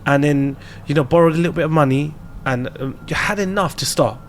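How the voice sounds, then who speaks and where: A man with a London accent, a guest entrepreneur on a podcast, chatting casually and telling lively anecdotes with slang. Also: a little high, fairly quick, a little hiss or hum. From England. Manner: animated storyteller, laughs while telling anecdotes, slangy.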